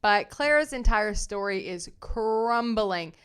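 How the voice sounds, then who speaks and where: Sassy woman with a smooth voice. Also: medium pitch, slow. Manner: animated and sassy, laughing and using slang. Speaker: commentary host. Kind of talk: casual commentary, reading viewer comments.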